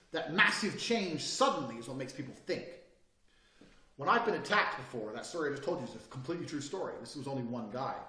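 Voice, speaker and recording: A man giving a blunt, profane motivational talk, often dropping from loud to quiet. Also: mid-range voice, reverberant, distant mic. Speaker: speaker giving advice.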